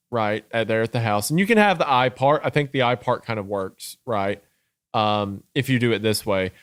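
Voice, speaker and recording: A man's voice: mid-range voice, smooth, no echo, clean studio sound. A young man co-hosting a podcast, thinking aloud in casual discussion with fillers and restarts. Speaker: podcast co-host.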